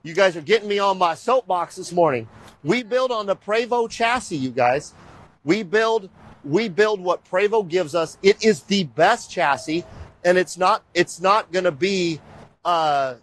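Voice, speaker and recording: A man's voice: high voice, unhurried, poor audio. Passionate rambling middle-aged man host. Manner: animated and rambling, often addressing viewers as "you guys". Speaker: show host. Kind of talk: casual walking-tour talk to viewers.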